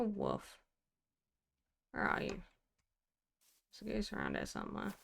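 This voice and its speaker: A woman's voice: fairly low pitch, vocal fry, a little hiss or hum. A young woman streaming a game, chatting wryly to herself and scolding things in mock indignation. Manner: chatty, wry self-talk, mock-indignant. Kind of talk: casual gameplay commentary to herself.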